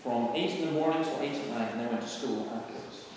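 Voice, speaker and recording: A middle-aged preacher talks in an earnest, anecdotal way to a group touring his church. His voice sits at an ordinary pitch for a man. It is caught from a distance in a big, booming hall, with a long tail of reverb and a faint hum of room noise. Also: quick pace, darkish tone. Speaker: preacher and evangelist. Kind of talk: storytelling talk to a visiting tour group. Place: large church building, indoors. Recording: echoey hall from far off.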